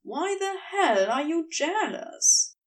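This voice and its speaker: Blunt, sharp-tongued teen girl skater, read by a woman; storybook delivery, lively and unhurried. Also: extremely high pitch, distant mic, voice pushed up, heavily acted. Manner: blunt, snappish.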